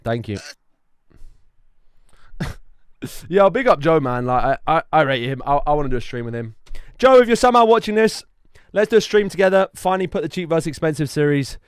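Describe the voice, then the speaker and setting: A man's voice: a little high, animated, fairly quick, pauses often, clean tone, no room sound, studio quality. A man live-streaming, chatty and self-deprecating as he reacts to clips.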